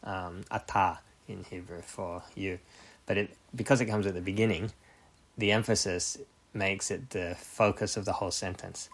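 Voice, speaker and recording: A man with a fairly low voice delivers a sermon. He talks in a loose, digressive teaching manner, stopping often with fillers and correcting himself. He rises in pitch and volume when he stresses a point. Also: steady tone, normal speed. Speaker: pastor.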